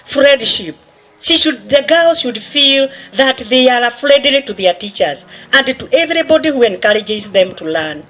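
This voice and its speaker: A woman's voice: high voice, animated, moderate pace, a bit bright. A woman giving an earnest encouragement speech to schoolgirls, listing values one by one. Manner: earnest, list-like. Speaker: speaker.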